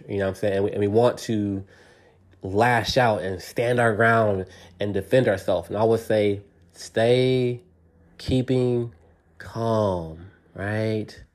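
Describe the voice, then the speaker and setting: A man's voice: fairly low pitch, darkish tone. A middle-aged man hosting a podcast, giving earnest unscripted advice in a rambling way, full of repeated words and restarts. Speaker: podcast host.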